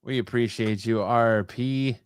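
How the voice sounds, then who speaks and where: A man's voice: mid-range voice, fairly even intonation, measured pace, smooth, no room sound, clean studio sound. A man co-hosting a casual comics podcast, teasing his co-host between segments with filler-laden, hesitant banter.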